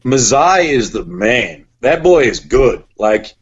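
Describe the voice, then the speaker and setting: A young man in casual podcast chat, an animated storyteller who says "like" a lot, talking about sports. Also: mid-range voice, takes it slowly, husky, dull audio. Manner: animated storyteller, heavy use of "like". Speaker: podcast guest, sports broadcaster.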